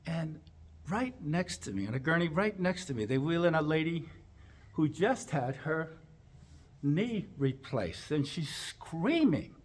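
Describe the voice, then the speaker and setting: Husky guy telling a funny story, voice leaping all over the place. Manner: animated, acting out lines with big jumps in pitch and volume. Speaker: chiropractor. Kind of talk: humorous storytelling speech.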